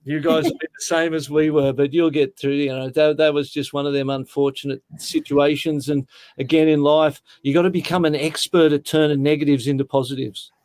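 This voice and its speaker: A man's voice: fairly high pitch, flat delivery, fairly quick, darkish tone. Earnest sixty-year-old Australian man. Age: 60s. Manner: earnest, heartfelt, keeps saying mate. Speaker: guest. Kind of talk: casual interview storytelling.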